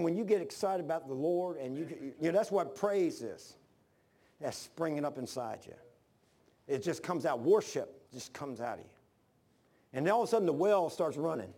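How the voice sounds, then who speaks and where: Male preacher, slightly high voice, storytelling sermon with shouted peaks. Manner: animated storytelling, bursts of shouting.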